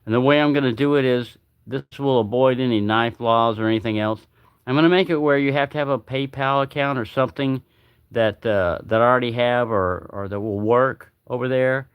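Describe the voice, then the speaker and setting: Male livestream host, rambling chatty delivery, dry close sound, mid pitch. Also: fairly quick, smooth, no room sound, muffled recording. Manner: rambling, chatty, repeats himself. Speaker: knife channel host. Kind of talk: casual livestream chat.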